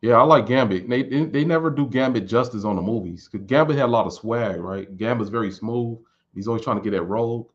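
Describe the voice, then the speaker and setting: A man in his thirties in casual chat, answering viewer questions in a relaxed, rambling way and repeating words as he thinks. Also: mid-range voice, fairly quick, few pauses. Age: 30s. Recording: dull lo-fi recording.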